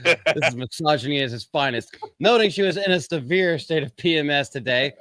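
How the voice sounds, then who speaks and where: A man's voice: a little high, animated, brisk, a bit bright, no room sound. A man hosting a live-stream commentary show, reading quotes aloud and interrupting them with a profane, mocking rant. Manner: reads quotes aloud and interrupts with sarcastic asides. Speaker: podcast host.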